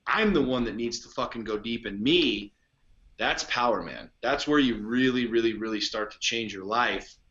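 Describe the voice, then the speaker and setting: A blunt, foul-mouthed man speaks as a podcast guest, hammering his points home. His voice is bright and forceful. The audio is dull and lo-fi. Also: medium pitch, moderate pace. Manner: blunt, profane, emphatic. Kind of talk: casual conversation.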